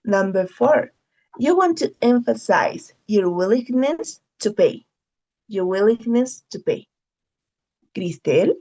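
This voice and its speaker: Slow, gravelly-voiced teacher. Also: female voice, fairly high pitch, sing-song, dark tone, muffled recording. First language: Spanish. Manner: patient, repeats key phrases, frequent "okay?". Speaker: English teacher. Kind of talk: online class instruction.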